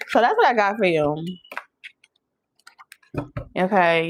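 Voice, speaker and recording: A woman giving a casual channeled tarot reading, talking straight to her viewers in an animated, preachy way and laughing often. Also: on the low side, measured pace, long pauses, rough recording. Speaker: tarot reader.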